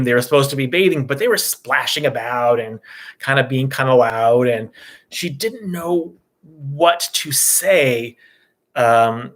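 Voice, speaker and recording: A man who teaches meditation, retelling a story in a casual dharma talk with a loose, relaxed manner and many "you know" asides. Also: mid-range voice.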